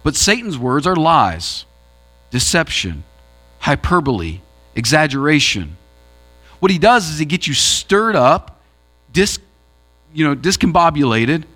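A man's voice: on the high side, a bit bright. A man preaching a sermon as pastor, building emphasis through repeated phrases. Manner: preaching with rising emphasis and repetition.

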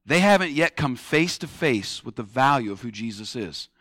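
A man preaching a sermon with passion, slowing down to stress key words and acting out the voices of critics. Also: medium pitch, expressive, fairly bright tone, no room sound, clean studio sound. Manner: acts out quoted critics in a mocking tone. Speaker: pastor.

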